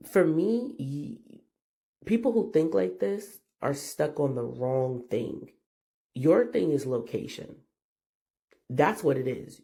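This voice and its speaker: A man with a groggy, gravelly morning voice gives casual, slangy commentary and keeps asking the audience questions. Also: medium pitch, warm tone.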